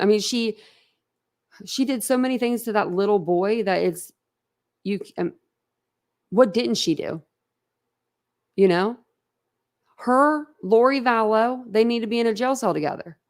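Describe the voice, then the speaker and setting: A woman hosting a livestream, chatting casually and bluntly with viewers, rambling and laughing often. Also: a little high. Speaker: livestream host. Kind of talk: casual chat with live viewers.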